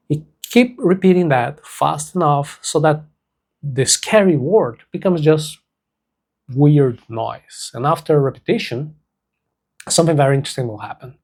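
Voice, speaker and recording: A man teaching a self-help lesson, speaking slowly and deliberately and repeating key words for emphasis. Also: a little high, gravelly, a little mellow. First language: Portuguese.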